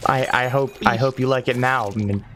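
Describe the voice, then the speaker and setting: A man's voice: medium pitch, fairly even intonation, normal speed, fairly bright tone, a little hiss or hum. A man casually chatting on a gaming stream, thinking aloud and swearing freely.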